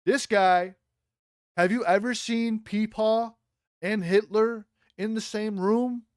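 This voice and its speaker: A man hosting a casual live-stream commentary, excitable and mocking, swearing freely. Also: high voice, slow pace, clear, resonant tone, no room sound, clean studio sound.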